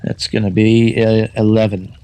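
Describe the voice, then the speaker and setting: A man's voice: on the low side, flat delivery, normal speed, dark tone, a little hiss or hum. A man playing a tabletop game, speaking eagerly and hesitantly. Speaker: player.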